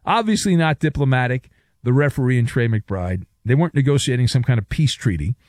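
A man's voice: medium pitch, expressive, a little fast, a little mellow, no echo. A middle-aged man hosting a sports talk radio show, opinionated and sarcastic, with jokey asides.

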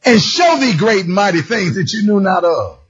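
A man preaching a sermon, animated and storytelling, shouting and half-singing his lines. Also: high voice, normal speed, husky. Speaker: pastor. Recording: dull lo-fi sound.

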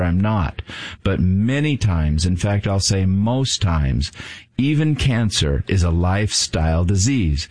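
A man guest on a talk program, explaining in a steady, lecturing way. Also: fairly low pitch, no room sound. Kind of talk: casual interview talk.

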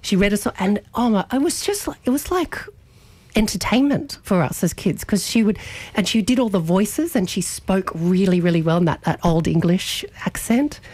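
A woman's voice: mid-range voice, lively intonation, moderate pace, a little mellow, no echo. A woman hosting community radio, chatting and reminiscing casually. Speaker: radio host.

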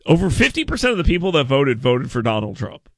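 A male radio show host in casual talk radio banter, animated and rambling, often restarting words and stammering. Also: medium pitch, fast, no room sound, clean studio sound.

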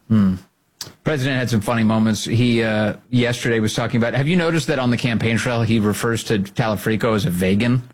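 A man's voice: medium pitch, brisk, breathy edge. A man hosting a political podcast, commenting sarcastically on played clips with frequent laughter. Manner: sarcastic, laughing, animated asides.

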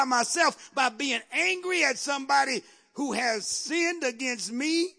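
A man preaching a sermon with emphatic repetition and sudden shouted lines. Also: very high-pitched, animated, a little slow, creaky. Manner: emphatic, repeats phrases, bursts into shouts.

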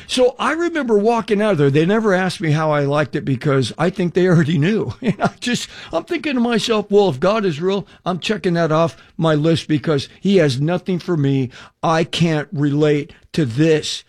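An older man in his sixties tells his testimony like a radio preacher. His voice sits high for a man and swings widely, and he slips into little voices for the people in his story. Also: normal speed. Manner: animated storyteller, acts out quoted people with shifting voices, wry humor. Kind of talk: personal testimony told as a story.

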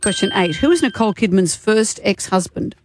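A woman with an Australian accent hosting a radio quiz in a studio, encouraging the caller and reading the questions briskly. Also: mid-range voice, lively intonation. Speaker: radio host, quiz master.

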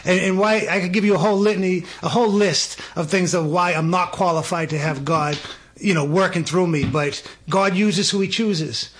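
A man's voice: high voice, fairly even intonation, moderate pace, slight background noise. A man, a guest telling a personal story with lots of energy, stammering restarts and acted-out dialogue. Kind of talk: animated storytelling.

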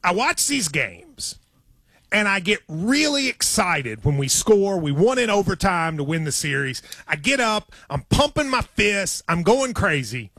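A man in his forties hosting a sports radio show, chatting in an excitable, storytelling way. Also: sits high, a little slow, dry recording. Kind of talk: casual sports radio chat. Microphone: studio microphone.

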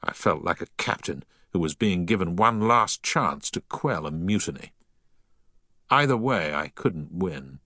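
A man reading a story aloud in the first person, with a deep but bright, forward tone. His pitch moves expressively through the sentences, recorded close and dry. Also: animated, unhurried, dry recording. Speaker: narrator. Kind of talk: audiobook narration.

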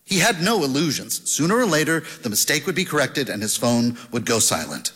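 A man narrating an audiobook with a lively, expressive delivery. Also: medium pitch, fairly quick, few pauses, husky. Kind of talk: scripted narration. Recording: long hall reverb.

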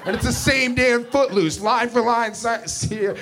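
A man's voice: very high voice, measured pace, a bit bright, faint music behind. A man doing a wry, conversational stand-up set with sarcastic asides. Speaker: stand-up comedian.

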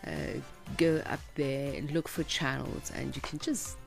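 A woman's voice: a bass voice, fairly even intonation, a little slow, vocal fry, soft background music. A woman co-hosting live morning radio, previewing the coming stories in a conversational way. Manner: warm, conversational, reads headlines with fillers. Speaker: radio morning show co-host. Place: radio studio.

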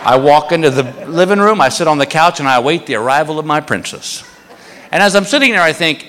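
A man telling a stand-up story in an animated way, laughing as he goes. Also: fairly high pitch, fairly quick, slight background noise. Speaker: stand-up comedian.

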